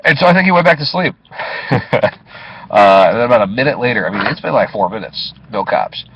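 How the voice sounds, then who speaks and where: A man's voice: medium pitch, animated, fairly quick, breathy edge, no room sound. A man, a taxi driver, casually telling a story from inside his cab, swearing and chuckling as he goes. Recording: dull lo-fi recording.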